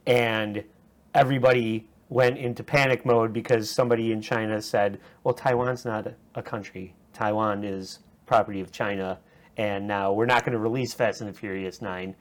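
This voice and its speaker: A man's voice: lowish voice, steady tone, moderate pace. A man co-hosting a crude comedy podcast, telling a story in a wry, rambling way. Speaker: podcast co-host.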